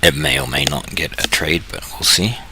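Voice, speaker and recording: A trading channel host from New Zealand casually walks through his screen, thinking aloud, correcting himself and cracking jokes along the way. His bass voice moves at normal speed with a bright, forceful tone. There's a little hiss or hum in the recording.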